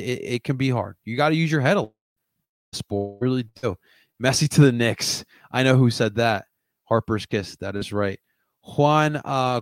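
A young Philadelphia man hosts a casual sports livestream, rambling and answering his chat. He jumps between loud outbursts and low mutters, and the recording has no echo.

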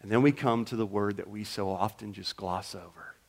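A man's voice: on the low side, fairly quick. A man pastor preaching a sermon in a church, emphatic and acting out prayers and quoted talk.

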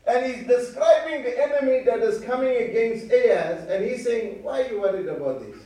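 A man's voice: very high voice, animated, a little fast, dark tone. Male preacher, earnest, stammering restarts, distant mic, big reverberant hall. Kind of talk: sermon. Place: church hall. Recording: echoey hall from far off.

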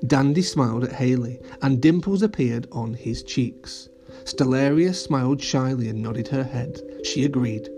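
A man gently narrating a children's audio story. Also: medium pitch, a little slow, over music.

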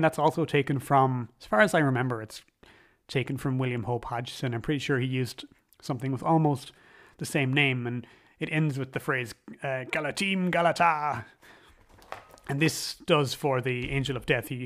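A man's voice: mid-range voice, fairly bright tone. A man casually recapping and reviewing an old horror film, enthusiastic and rambling, often acting out quoted dialogue.

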